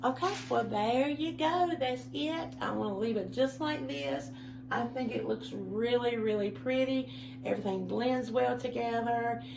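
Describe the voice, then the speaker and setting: A home decor vlogger chats casually to camera indoors at home, her voice a little high and slightly gravelly, at a measured pace with background noise. She's chatty, rambling and heartfelt, and says y'all a lot.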